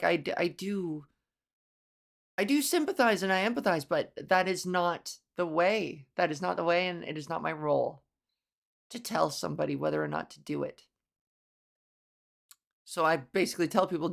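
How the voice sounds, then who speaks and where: A woman's voice: lowish voice, creaky. A woman comedian hosting a solo podcast, talking in a blunt, profane, riffing way. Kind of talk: casual solo podcast monologue.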